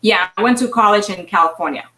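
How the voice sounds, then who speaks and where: A woman's voice: mid-range voice, fast, bright, forceful tone, echoey room, recorded from a distance, rough recording. A woman in her forties from Boston, a film producer chatting casually as a guest and laughing often. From Boston, Massachusetts. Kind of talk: casual interview chat.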